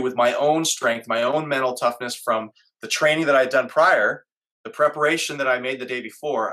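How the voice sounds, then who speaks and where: A man's voice: mid-range voice, sharp tone. A middle-aged man, a guest on an interview show, earnestly telling a personal story and acting out his own inner voice.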